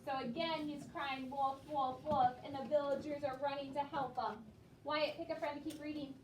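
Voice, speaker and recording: In an echoey classroom full of background noise, captured from a distance, a woman teacher guides children through a read-aloud one word at a time. Her high voice keeps a fairly even intonation and a normal speed, and she stays patient throughout.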